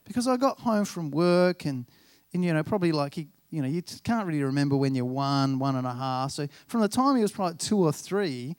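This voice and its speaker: High-voiced pastor telling stories. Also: male voice, expressive, brisk, few pauses, darkish tone, clear, resonant tone, no echo. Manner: chatty, self-deprecating, acts out dialogue. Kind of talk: sermon with personal storytelling.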